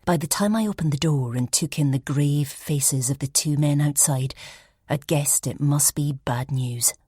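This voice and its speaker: A woman reads a first-person mystery audiobook in a low, husky voice. She narrates softly and reflectively, often sinking toward a whisper. The recording is dry and close to the mic. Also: unhurried, no echo.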